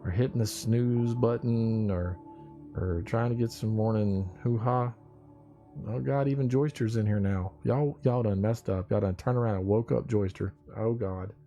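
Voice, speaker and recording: A man's voice: on the low side, normal speed, warm tone. A man hosting a casual morning livestream, rambling, joking and swearing as he teases his viewers. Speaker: livestream host. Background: faint music.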